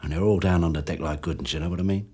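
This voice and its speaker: Old robber in his 60s, deep raspy voice, wry and confiding. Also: fairly even intonation, racing, darkish tone. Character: aging male armed robber, rueful, hooked on thrills. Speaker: captured armed robber. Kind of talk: TV police drama acting.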